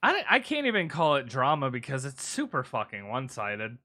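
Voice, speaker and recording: Man, co-host, animated and bright, emphatic swearing. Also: mid-range voice, brisk. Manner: emphatic, agreeing, profane. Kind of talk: casual chat.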